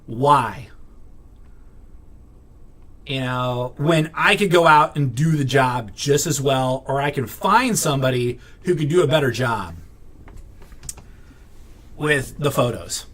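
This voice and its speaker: A man's voice: medium pitch, expressive, measured pace, a bit bright. A man vlogging in a casual, rambling way, full of fillers and restarts, blunt and irritated as he vents and swears now and then. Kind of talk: casual venting to camera.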